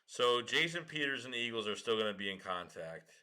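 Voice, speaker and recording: A man hosting a casual livestream, slangy and excitable, swearing and laughing often. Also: mid-range voice, brisk. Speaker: livestream host.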